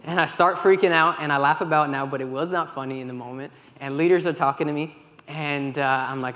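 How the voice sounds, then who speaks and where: A man giving a church talk, telling lively stories with quoted dialogue. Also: fairly high pitch, brisk. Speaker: volunteer leader with kids. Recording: long hall reverb, faint ambience.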